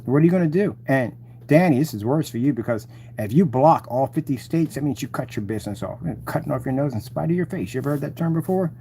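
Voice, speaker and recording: A man's voice: mid-range voice, animated, quick pace, mellow, slight background noise. A man hosting his channel, mocking and taunting his rivals in a rambling live-stream rant.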